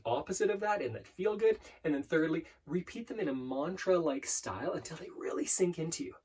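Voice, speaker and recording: Speaking to camera, a male life coach earnestly walks viewers through affirmations, repeating words, restarting, and slowing to demonstrate. His fairly high voice has a darkish tone and a breathy edge.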